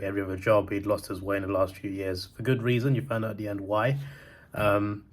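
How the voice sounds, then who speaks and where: A young man rambling casually through a movie review vlog, laughing as he talks. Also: fairly low pitch. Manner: chatty, rambling, laughs often. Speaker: movie vlogger. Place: outdoors and in a cinema. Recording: noisy outdoor phone recording. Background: wind and traffic.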